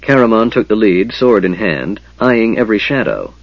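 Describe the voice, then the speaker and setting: A man narrating a fantasy audiobook with expressive storytelling. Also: on the low side, normal speed, vocal fry, no room sound, lo-fi sound.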